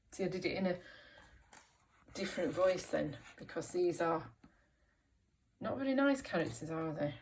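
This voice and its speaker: A woman teacher reading a picture book aloud to young children, slow and encouraging, asking them questions. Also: lowish voice, lively intonation, darkish tone, far from the mic, slight background noise. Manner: slow, encouraging, asks questions and puts on voices for characters. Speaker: primary school teacher.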